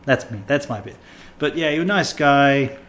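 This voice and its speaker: A man's voice: mid-range voice, moderate pace, fairly bright tone. A man hosting a casual comedy podcast, rambling and self-mocking as he tells a travel story. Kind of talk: casual chat.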